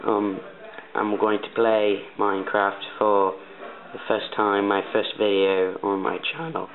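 A man's voice: lowish voice, completely flat delivery, measured pace. A young man from Canada in a put-on British accent, giving rambling let's-play commentary full of ums and panicky yelps. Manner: panicky yelps when chased in game. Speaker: gaming commentator. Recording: tinny lo-fi mic.

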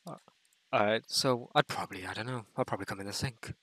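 A man co-hosting a casual video-call interview, teasing and quick to crack up. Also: lowish voice, a bit bright, no echo. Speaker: co-host interviewing a friend's dating matches.

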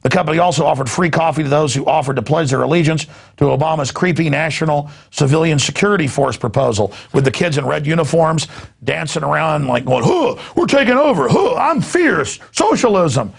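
Gravelly, sarcastic talk-show host man. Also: on the high side, fast talker. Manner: sarcastic, rambling, laughing asides. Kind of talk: news commentary rant.

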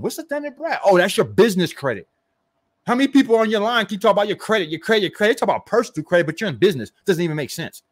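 A man who coaches network marketing gives an animated, emphatic motivational rant, firing rhetorical questions at the listener and mocking hype. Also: high voice.

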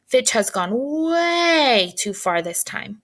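A woman's voice: sits high, sing-song, slow, fairly bright tone, voice pushed up, heavily acted. A woman voicing a firm, decisive grown man, an uncle, in a storybook reading. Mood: resolute.

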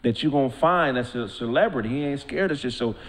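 A man's voice: mid-range voice, lively intonation, fast talker, fairly bright tone. A man co-hosting a talk show, debating in a laid-back but emphatic way. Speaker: co-host. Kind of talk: casual banter.

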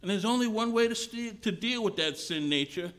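Preacher with a high voice, talky sermon delivery, repeats himself as he builds. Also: animated, fairly quick, fairly bright tone. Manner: conversational, repeats and restarts phrases. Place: mission chapel service.

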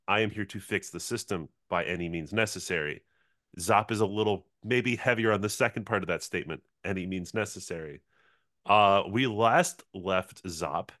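A man's voice: lowish voice, fairly bright tone, no room sound, studio quality. A man playing in a tabletop game, recapping his character casually, rambling with many fillers and laughing. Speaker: player. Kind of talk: casual role-play recap.

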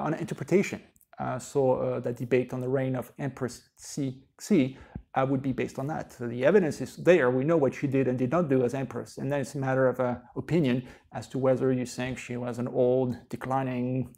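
A man teaching a college history lecture in a conversational way, often pausing on "uh" fillers. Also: medium pitch, vocal fry, darkish tone. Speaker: history professor.

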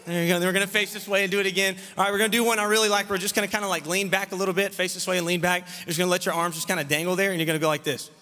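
High, bright-voiced children's preacher in a hall. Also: male voice, level tone, very fast, hardly any pauses. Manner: playful, teasing, loud leader of a crowd of kids. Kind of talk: lively children's church service, call and response. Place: large church sanctuary. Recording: reverberant church hall, faint room noise.

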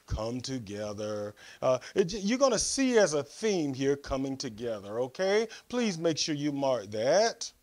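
A male pastor preaching a sermon, reading scripture aloud, adding comments and giving the congregation instructions. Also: a little high.

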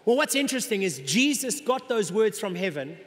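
A middle-aged male pastor with a fairly high voice preaches an animated sermon. He slips into the voices of doubters in his congregation to make his point. His words ring out with a long reverb in a large church hall. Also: a little fast.

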